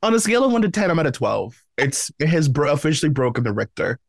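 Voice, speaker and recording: A playful man co-hosting a pop-culture podcast, his pitch jumping around with plenty of life. He banters casually and laughs easily, and the recording is dry and close. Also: big pitch swings, fast, vocal fry, no echo. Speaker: podcast co-host.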